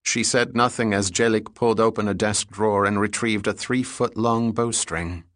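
A man reading a thriller audiobook in a steady, even manner. His voice sits on the low side. The sound is close and dry. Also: moderate pace, no room sound. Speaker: audiobook narrator. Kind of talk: scripted thriller narration.

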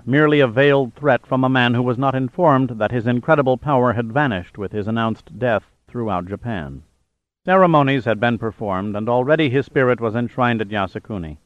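A man's voice: mid-range voice, no echo, lo-fi sound. Man narrating a thriller audiobook. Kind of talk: scripted narration.

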